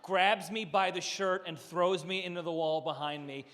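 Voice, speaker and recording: A male comedian working a live set, his voice high and bright with a sharp edge. He spins stories with punchy asides and acts out the people in them, and the sound rings out in a reverberant room. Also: fairly even intonation, moderate pace, slight background noise. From Philadelphia area. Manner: storytelling with punchy asides, acting out quotes. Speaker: stand-up comedian. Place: country club room, live audience.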